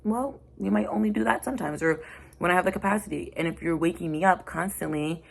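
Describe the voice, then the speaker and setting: A woman's voice: fairly low pitch, fast, gravelly. A woman host talking in a casual, frank and rambling way, full of slang, about being a mother. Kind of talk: casual chat.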